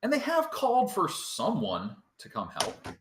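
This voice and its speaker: A man narrating a tabletop game as dungeon master, relaxed and quick to laugh. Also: sits high, roomy sound.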